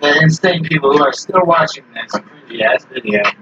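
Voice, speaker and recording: A man's voice: a little high, animated, brisk. A man chatting casually while playing an online game, joking and mocking himself. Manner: joking, self-mocking, laughs often. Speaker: gamer. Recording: distant lo-fi mic with faint hiss.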